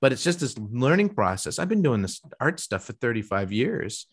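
A man's voice: mid-range voice, very animated, normal speed, breathy edge. A middle-aged man hosting a casual conversation, talking enthusiastically in long rambling runs with frequent restarts. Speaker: podcast host and professional artist.

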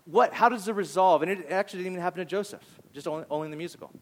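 A male pastor with a high voice races through his sermon in an animated, conversational way. He acts out voices and drops to a near whisper when making serious points.

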